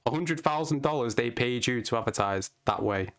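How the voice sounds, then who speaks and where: A man's voice: medium pitch, expressive, normal speed, a bit bright. A man co-hosting a casual wrestling podcast, blunt and exasperated, swearing heavily. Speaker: podcast co-host.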